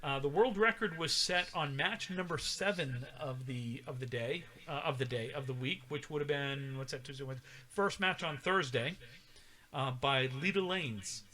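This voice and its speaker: Bright-voiced middle-aged man rambling. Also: medium pitch, normal speed. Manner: rambling, reads off stats with many fillers. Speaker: podcast co-host. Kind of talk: casual chat.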